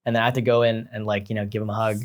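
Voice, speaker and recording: Man, fairly low voice, podcast co-host, candid and searching, casual reflective talk. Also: level tone, racing. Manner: searching, open and confessional.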